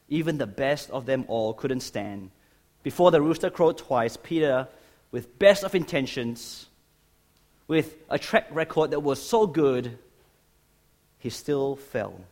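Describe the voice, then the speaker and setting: A man preaching a sermon, animated and emphatic, speaking directly to his listeners. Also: mid-range voice. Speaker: pastor.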